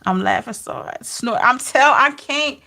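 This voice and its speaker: Bright-voiced woman chatting on a live stream. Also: fairly high pitch, creaky. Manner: animated, laughing, talks back to chat viewers by name; drawn-out, incredulous exclamations. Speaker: tarot reader and live-stream host. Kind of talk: casual live-stream chat with viewers.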